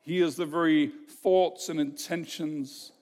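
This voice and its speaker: A man preaching an expository sermon as a pastor, teaching in an emphatic, measured way and posing rhetorical questions to the congregation. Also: fairly high pitch, steady tone, darkish tone. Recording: long reverb of a large hall.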